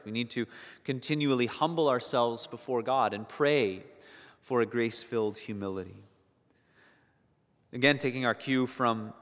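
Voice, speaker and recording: A man's voice: mid-range voice, a bit bright. A man preaching a sermon earnestly, rising to emphatic peaks and repeating words as he searches for phrasing. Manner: earnest, building to emphatic peaks on key points. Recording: long hall reverb.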